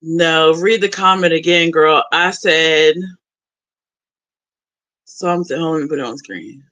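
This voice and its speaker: A young woman chatting casually to her livestream audience. She is blunt and profane and often breaks into laughter. Her voice is bright and a bit tense. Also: low-pitched, unhurried, poor audio. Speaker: livestream host.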